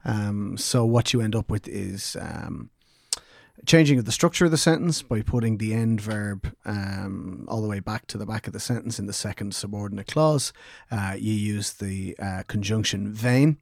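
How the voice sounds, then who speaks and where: Man, low and dry. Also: creaky, a little mellow, no echo. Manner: joking, then halting with many ums. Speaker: podcast co-host. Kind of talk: casual explanatory chat.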